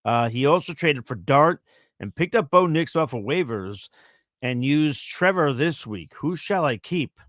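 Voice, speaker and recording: A man's voice: a little high, lively intonation, a little slow, a bit bright, no echo, clean studio sound. Easygoing man riffing on fantasy picks. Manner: easygoing, thinks aloud with fillers. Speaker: fantasy football show co-host. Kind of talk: casual live-stream chat reading viewer questions.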